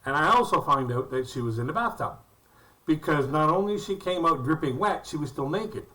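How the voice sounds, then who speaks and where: A man's voice: fairly high pitch, animated, brisk, bright, forceful tone, recorded from a distance, rough recording. A man doing stand-up comedy, telling rambling, folksy anecdotes about his jobs and acting out the quotes. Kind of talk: storytelling stand-up routine.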